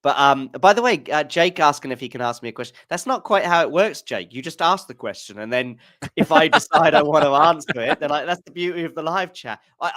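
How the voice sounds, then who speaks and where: A man's voice: on the high side, fairly bright tone, no echo, clean studio sound. A man co-hosting a live tennis watchalong, chatting casually and rambling with self-mocking asides. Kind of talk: casual live-stream chat.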